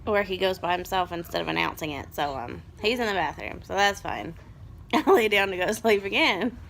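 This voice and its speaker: A mother in her thirties telling a story in a rambling, animated vlog and turning aside to her children. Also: on the low side, fairly quick, creaky, a little hiss or hum. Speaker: mother vlogger.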